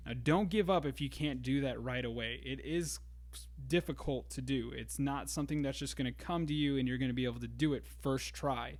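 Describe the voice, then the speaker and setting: A man teaching a drum lesson in a relaxed way, explaining grooves step by step. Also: mid-range voice, moderate pace, music in the background. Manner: counts beats aloud, easygoing explaining. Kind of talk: casual instructional talk. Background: drum kit and metronome.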